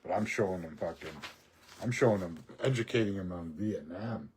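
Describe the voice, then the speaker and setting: A man's voice: low-pitched, moderate pace, darkish tone, a little hiss or hum. A man telling a rambling, profane story in a rant, often laughing mid-sentence. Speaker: social media video creator.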